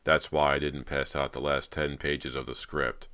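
A man reading a smooth, menacing male film director in an audiobook, persuasive and eagerly excited by turns. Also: extremely low pitch, moderate pace.

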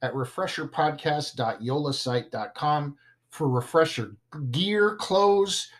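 His voice is a little high and his delivery slow as he hosts a relaxed podcast. Playful and self-deprecating, the man jokes along and occasionally stumbles over words.

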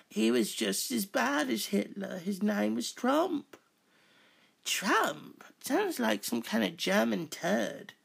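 A woman doing a fake british accent future american, giddy and prim, slow and croaky. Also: fairly high pitch, voice pushed up, heavily acted. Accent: put-on British. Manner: giddy, prim, mock-proper.

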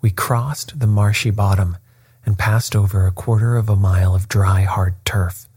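A man narrating a first-person story aloud in a measured, unhurried reading. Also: on the low side, steady tone, darkish tone, slightly rough, no echo, studio quality. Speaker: audiobook narrator.

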